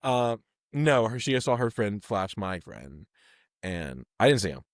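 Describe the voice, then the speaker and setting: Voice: unhurried, dry recording, clean studio sound. A podcast co-host from the American South in a casual chat, laughing often. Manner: laughs often, very lively pitch.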